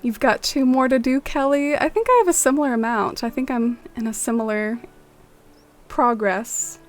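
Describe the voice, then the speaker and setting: A woman's voice: fairly high pitch, normal speed. A young woman streaming a game, chatting in a friendly way with viewers and musing aloud. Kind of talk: casual chat with viewers.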